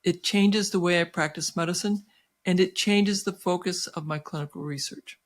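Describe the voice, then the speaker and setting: A woman's voice: lowish voice, normal speed. A woman in her sixties, a physician guest, telling a personal story in an interview with many restarts and fillers, animating her tale. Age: 60s. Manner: animated, acting out quoted voices.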